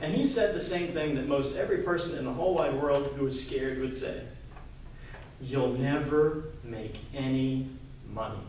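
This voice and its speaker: A man from Kentucky giving a lively storytelling pitch to a live audience, acting out the dialogue as he goes. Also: a little fast, few pauses, noisy background. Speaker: entrepreneur presenter. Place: live event room, indoors. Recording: echoey room, mic far off.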